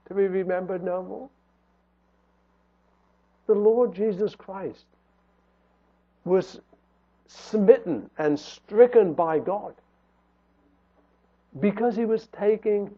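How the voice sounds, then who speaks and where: A man preaching a sermon in an earnest tone, his voice rising and falling for emphasis. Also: high-pitched. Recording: tinny phone-like sound.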